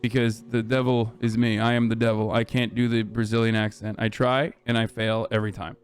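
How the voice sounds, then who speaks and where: A male streamer doing casual commentary, joking, swearing and animated. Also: lowish voice, brisk, clear, resonant tone.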